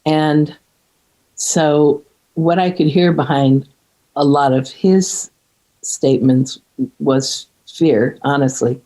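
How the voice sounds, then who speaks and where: A middle-aged woman talks in an earnest, halting way, stopping and restarting as she searches for the words. Her voice is dark and mellow with a slightly husky edge. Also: rumbling low, poor audio. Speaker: podcast guest. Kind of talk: reflective conversation.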